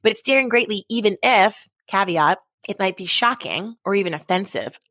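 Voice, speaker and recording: A woman guest, an author and speaker, talking in an animated, preachy way in a podcast interview. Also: medium pitch, normal speed, no room sound. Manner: energetic, preachy, acts out quoted voices.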